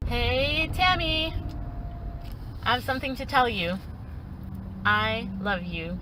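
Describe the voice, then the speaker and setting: A woman's voice: fairly high pitch, slow pace, over music, rough recording. A young woman giving a playful, dramatic farewell message to her close friend. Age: young adult. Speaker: student club member.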